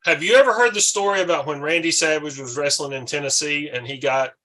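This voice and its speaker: Man, podcast host, rowdy storyteller, swears a lot; bright, fairly high voice. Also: fast talker. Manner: animated storyteller, swearing freely. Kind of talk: casual storytelling chat.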